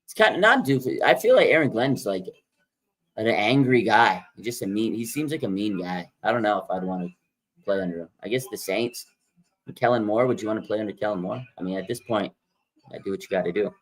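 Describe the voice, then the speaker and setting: A man hosting a live sports draft stream, excitable and rambling, repeating himself and laughing as picks come in. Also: on the low side, fairly quick. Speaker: livestream host. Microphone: streaming microphone.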